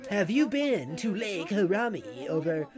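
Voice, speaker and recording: A woman voicing a slow-spoken game villager, drawing out each line. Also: mid-range voice, big pitch swings. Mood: drawn out. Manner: slow, drawn-out reading.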